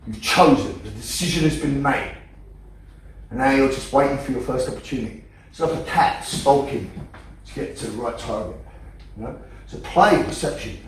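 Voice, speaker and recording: A man's voice: mid-range voice, moderate pace, slight background noise. A man teaching a self-defense class in a training hall, blunt and profane, driving his points home with emphasis. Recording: echoey hall from a distance.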